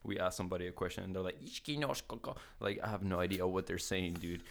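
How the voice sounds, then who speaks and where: A young man from California with a very low voice tells a rambling travel story on a podcast. He is animated and swears freely, and he slips into the voices of the strangers he met along the way. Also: fast. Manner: animated, swears a lot, acts out the voices of people in his story. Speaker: guest telling a travel story.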